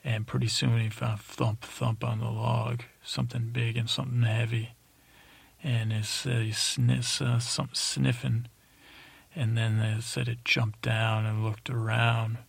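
A man hosting a sleep podcast, telling a meandering bedtime story with many pauses and fillers. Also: medium pitch, level tone, creaky, husky, dry recording. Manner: rambling, halting, many fillers. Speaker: podcast host.

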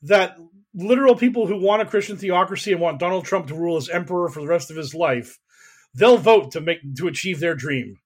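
A man hosts a podcast and launches into an exasperated, profane, emphatic political rant. His voice is high, a little fast, and by his own account whiny.

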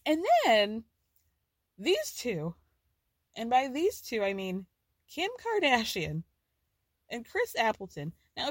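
A woman's voice: mid-range voice, dry recording, clean studio sound. A woman hosting a podcast, giving a chatty, profane recap of a reality show and laughing often. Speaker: podcast host. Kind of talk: casual pop culture recap.

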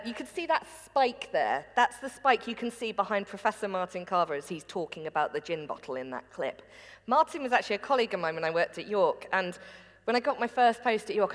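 Lively woman in a reverberant hall. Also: fairly low pitch. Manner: lively, laughing storyteller. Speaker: documentary presenter and academic. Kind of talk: casual behind-the-scenes chat.

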